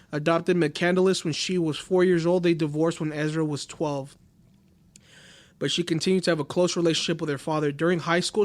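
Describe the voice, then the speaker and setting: High-voiced man narrating a true-crime case. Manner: reads case notes loosely, swears, laughs often. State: sick, under the weather. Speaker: podcast host. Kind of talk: casual true-crime chat.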